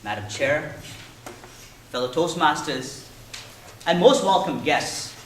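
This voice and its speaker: Animated man telling a story in a hall. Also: fairly high pitch, takes it slowly, slight background noise. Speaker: contest speaker. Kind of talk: prepared contest speech. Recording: echoey hall, mic far off.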